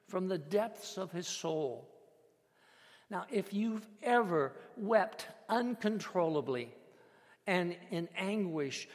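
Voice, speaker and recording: A man preaching a sermon as a pastor, measured and emphatic, with dramatic pauses. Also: high-pitched. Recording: long hall reverb.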